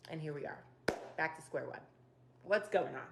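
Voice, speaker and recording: A woman hosting a casual Bible chapter breakdown, retelling the story in her own slangy words with animated, opinionated asides. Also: deep voice, moderate pace. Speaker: Bible study video host.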